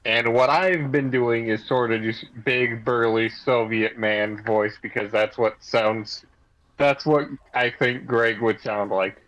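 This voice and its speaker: A man's voice: medium pitch, fairly even intonation, takes it slowly, a bit bright, muffled recording. A man playing a tabletop game, describing his character's actions and arguing points at length. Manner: rambling, argumentative. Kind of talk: casual play and banter.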